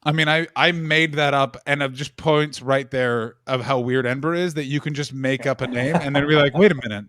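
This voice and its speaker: A man with a North American accent hosting a casual chat stream, joking and animated. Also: medium pitch, crowd noise. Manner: quick, joking, animated asides. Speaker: host.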